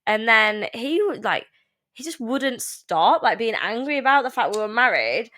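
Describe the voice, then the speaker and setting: A woman's voice: fairly high pitch, normal speed. A woman, co-hosting a casual chat podcast and telling stories with lots of laughter. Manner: animated storytelling, frequent laughter, acts out quotes. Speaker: podcast co-host.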